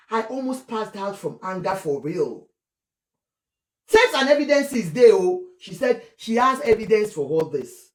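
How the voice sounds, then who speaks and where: A Nigerian woman giving animated, scolding commentary on celebrity gossip, slipping between English, Yoruba and Pidgin. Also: a little high, roomy sound. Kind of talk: casual commentary vlog.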